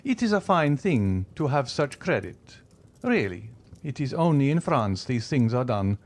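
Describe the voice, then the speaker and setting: Male reader doing a suave, ironic rich count, pitched up, polished mockery. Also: sing-song, unhurried. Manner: smooth, mocking courtesy. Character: wealthy, suave, coolly ironic male nobleman. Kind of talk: audiobook character reading.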